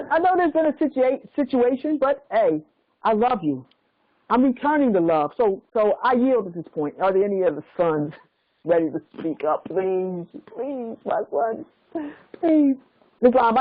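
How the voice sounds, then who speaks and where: A woman's voice: a little high, expressive, measured pace, no echo. A woman leading a religious study call, talking in a pleading, repetitive and emotional way over muffled online audio. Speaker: teacher leading a group call.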